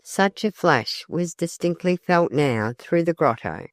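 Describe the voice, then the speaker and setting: Audiobook narrator, slow, measured, even reading, middle pitch, dry close sound. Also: no room sound. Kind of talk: scripted narration of a classic novel.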